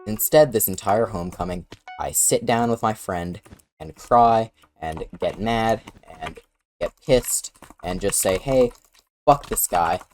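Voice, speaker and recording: A man's voice: on the low side, unhurried, a little mellow, soft background music. A man casually recounting a personal story in a blunt, profane, sarcastic way.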